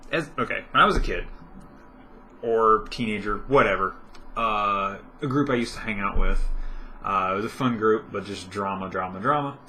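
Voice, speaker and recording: A man's voice: on the low side, normal speed, pushed and bright, slight background noise. A young man vlogging at home in casual chat, rambling with lots of fillers and self-corrections.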